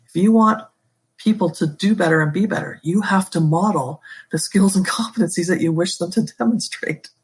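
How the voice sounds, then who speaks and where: A woman's voice: lowish voice, moderate pace, breathy edge. A woman guest talking as an educator and school leader in a podcast interview, emphatic and passionate, with pet phrases she repeats.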